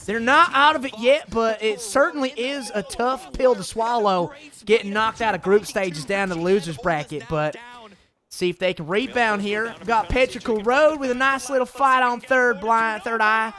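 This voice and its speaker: A man with a high voice hosts a casual live-stream from his home studio. He talks into a desk mic, jokes around and swears freely. He drifts between chatting with viewers and calling the match. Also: normal speed, pushed and bright. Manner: jokey, swears, tries silly accents. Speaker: streamer hosting a watch party.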